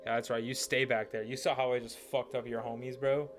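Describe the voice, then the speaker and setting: A man's voice: medium pitch, flat delivery, fairly quick. A young man commenting casually while playing a game, rambling with lots of fillers and swearing. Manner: rambling, profane, many "like" fillers. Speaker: gaming streamer. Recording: music playing behind.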